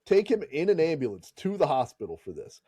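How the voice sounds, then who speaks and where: A man's voice: on the high side, sing-song, a little fast, mellow, breathy edge, no room sound. A man hosting a podcast, casually retelling a story and laughing and swearing as he goes. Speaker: podcast host.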